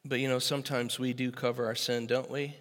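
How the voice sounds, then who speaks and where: A man in his sixties preaching a sermon as pastor, moving from easy storytelling to loud, emphatic preaching. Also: medium pitch, level tone, fairly quick. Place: church sanctuary. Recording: echoey hall with long reverb.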